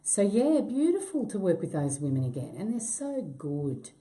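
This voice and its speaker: A middle-aged actress in a casual interview, self-deprecating, laughing easily and swearing when she gets excited. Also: medium pitch, moderate pace. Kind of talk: casual chat.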